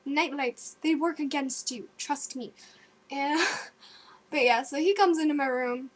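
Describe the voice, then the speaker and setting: Give me a high-voiced young woman telling a story to her webcam. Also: moderate pace. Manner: animated, jumpy storytelling with sudden gasps and loud outbursts; filler-heavy, with many likes and ums. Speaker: vlogger. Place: her bedroom at home.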